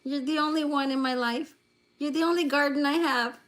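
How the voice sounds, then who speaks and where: Woman livestream host with a high voice, playful and teasing with viewers, laughing often, phone on a table. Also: fairly even intonation, brisk, fairly bright tone. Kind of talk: casual livestream chat with viewers. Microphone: phone lying on a table.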